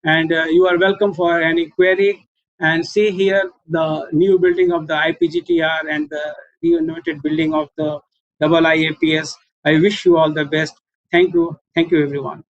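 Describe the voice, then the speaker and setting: A middle-aged man with an Indian English accent gives a formal webinar presentation as a professor. He often pauses with 'uh' and repeats points for emphasis. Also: fairly high pitch. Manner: halting, with frequent 'uh' pauses and emphatic repetition. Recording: dull lo-fi webinar audio.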